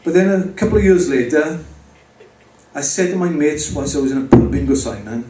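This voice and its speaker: A man's voice: on the high side, brisk, dark tone. A man giving a personal faith testimony to a live audience, speaking conversationally and addressing the listeners directly. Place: pub or club venue with an audience. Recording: roomy, distant mic with faint background noise.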